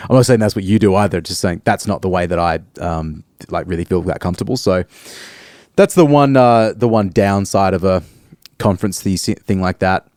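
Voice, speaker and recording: A man in his thirties with an Australian accent speaks in a low voice, recorded close and dry. He chats casually as a podcast co-host, reserved and halting, often filling pauses with ums. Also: darkish tone, no echo. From Perth, Australia. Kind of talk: casual chat.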